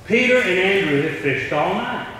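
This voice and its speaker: A middle-aged preacher with a high-pitched, pushed, bright voice tells animated stories at normal speed, acting out each character's voice. He is recorded by a distant mic in a large church hall full of echo, with a faint hiss or hum.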